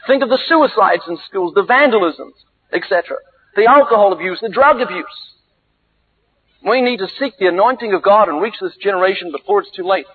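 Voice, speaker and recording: A man preaching a sermon, telling stories theatrically with sudden leaps in pitch and volume. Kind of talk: sermon with dramatic storytelling. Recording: tinny, phone-like lo-fi recording.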